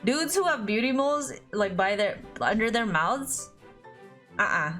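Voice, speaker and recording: A woman's voice: on the high side, big pitch swings, measured pace, a bit bright, faint music behind. A woman streaming a visual novel, reading it aloud with giggly, chatty commentary. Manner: giggly, laughs often, chatty asides. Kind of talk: casual let's-play commentary and reading aloud.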